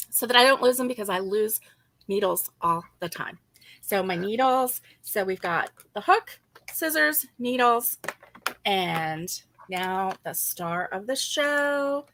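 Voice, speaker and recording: A woman's voice: on the high side, pushed and bright. A woman co-hosting a casual crochet-along, chatty and giggly as she greets viewers by name. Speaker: crochet co-host.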